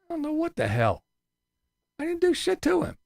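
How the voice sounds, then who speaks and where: A man rants to his viewers in a heated, profane voice that mocks as it goes. His pitch jumps around with a lot of life. The sound is dry and close, with no room around it. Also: wildly swooping pitch, normal speed, vocal fry, a little mellow, no echo. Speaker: YouTuber. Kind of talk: angry rant to viewers.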